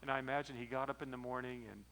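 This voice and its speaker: A man as pastor preaching a sermon, retelling a story in a lively, storytelling way. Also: mid-range voice, very fast, vocal fry, slight background noise, poor audio.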